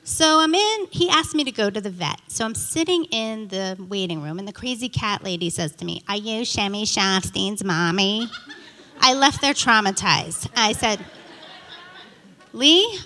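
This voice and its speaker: A middle-aged woman performing a stand-up comedy set, telling stories with animated, indignant quoted dialogue. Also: on the high side, moderate pace, few pauses. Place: theater stage. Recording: reverberant theater hall.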